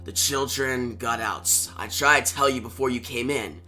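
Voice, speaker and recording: A man reading out the lines of a grieving masked hero in a low, hushed voice. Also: normal speed, faint music behind. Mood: sorrowful, hushed. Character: grim male caped hero, grieving and quiet.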